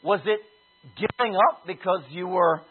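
A man preaching a sermon, telling a personal story with animated, shouted bursts. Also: high-pitched, unhurried. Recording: husky voice over a tinny phone-like line.

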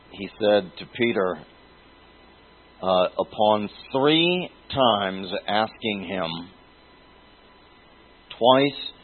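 A man teaching a Bible sermon in a deliberate way, stopping to restate and refine his phrases. The recording sounds tinny and phone-like. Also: on the low side. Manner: deliberate, restates phrases while searching for words.

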